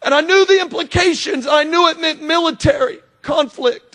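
A middle-aged man preaching a sermon with impassioned delivery, often shouting and swinging sharply between loud and quiet. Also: extremely high pitch, moderate pace.

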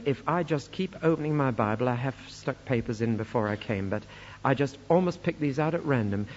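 A man preaching a sermon, reading scripture aloud with rising force. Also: medium pitch. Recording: echoey hall, dull lo-fi sound.

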